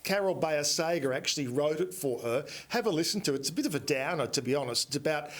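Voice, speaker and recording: A man's voice: on the high side, animated, fast. A man who is an entertainment editor, chatting enthusiastically on a morning TV entertainment segment.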